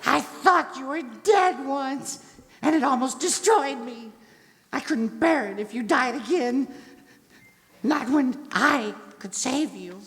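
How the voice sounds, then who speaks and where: A woman's voice: sits high, expressive, takes it slowly, a bit bright, heavily acted. A woman reading an earnest, pleading young heroine. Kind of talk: live stage reading of a parody script. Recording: reverberant convention hall.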